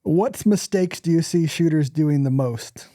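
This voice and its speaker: A man's voice: fairly high pitch, measured pace, mellow, dry recording, studio quality. A man hosting a podcast, asking his guests questions in an easygoing, casual interview. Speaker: podcast host.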